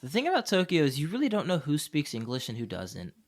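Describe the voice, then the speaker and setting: A man's voice: on the high side, huge pitch swings, quick pace. A man co-hosting a podcast in casual chat, telling rambling stories with lots of fillers. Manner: chatty storyteller, rambling with fillers. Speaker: podcast co-host. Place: Tokyo.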